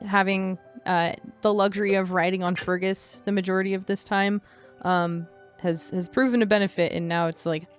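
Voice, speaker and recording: A woman's voice: mid-range voice, normal speed, clean tone, soft background music. Laid-back woman running a tabletop game. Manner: relaxed, many fillers, casual swearing. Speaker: game master. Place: home in California.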